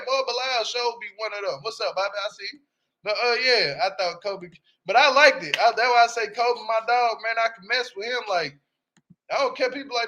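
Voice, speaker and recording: A man's voice: high-pitched, normal speed, bright, forceful tone. A young man in AAVE giving blunt, brash, slang-heavy casual commentary on a reality show, often asking "you hear me?". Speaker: reality TV reviewer.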